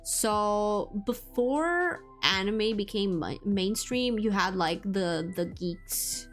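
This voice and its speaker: A young woman talks casually to her viewers, rambling and restarting her sentences with plenty of fillers. Her pitch sits in a middle range. Faint background music plays under her voice. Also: animated, slow. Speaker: streamer.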